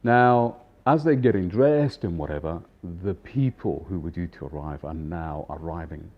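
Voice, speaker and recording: A man in his fifties, a chef, telling a casual anecdote in an animated way, acting out voices and laughing often. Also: deep voice, moderate pace, narrow, tinny audio. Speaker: chef and storyteller.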